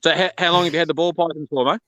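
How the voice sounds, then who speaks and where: A man's voice: on the high side, fairly even intonation, rapid-fire, a bit bright, no echo, poor audio. A man with an Australian accent, chatting and joking easily as a guest over a video call, often repeating words as he starts a sentence. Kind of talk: casual chat on a livestream.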